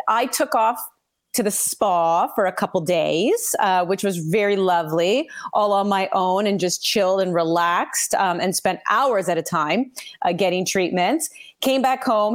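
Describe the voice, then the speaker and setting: A woman from Canada, a sportscaster, chatting casually as a podcast guest and acting out quotes as she tells stories. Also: mid-range voice. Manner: chatty, animated storyteller, acts out quotes.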